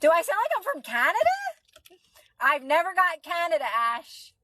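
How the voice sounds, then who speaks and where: A woman's voice: extremely high pitch, very animated, moderate pace, sharp tone, dry recording. A woman with a Philadelphia accent, a mother and manifestation coach chatting on a livestream, reassuring viewers and answering their comments by name. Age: adult.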